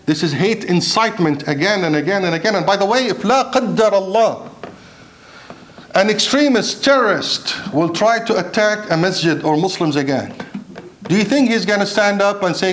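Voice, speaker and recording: A man's voice: high-pitched, expressive, normal speed, a bit bright. A man preaching a Friday sermon in a mosque, impassioned, asking rhetorical questions and mixing in Arabic recitation.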